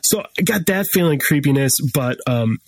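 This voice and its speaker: Relaxed man hosting a podcast. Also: a little high, moderate pace, dry recording. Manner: relaxed, loose, lots of ums. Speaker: podcast host. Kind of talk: casual chat.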